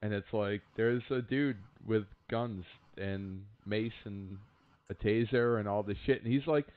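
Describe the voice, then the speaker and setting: A man's voice: fairly low pitch, unhurried. A man telling stories in a casual podcast chat, swearing freely and acting out what people said. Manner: profane, animated storytelling with acted quotes. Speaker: podcast co-host. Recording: phone-like narrow sound.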